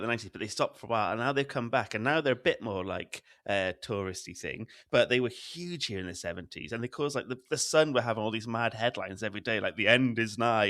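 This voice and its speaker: A man's voice: fairly low pitch, no echo, studio quality. A man, co-hosting a podcast, joking around and chatting animatedly. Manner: animated, jokey, laughs a lot, swears. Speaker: podcast co-host. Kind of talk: casual chat.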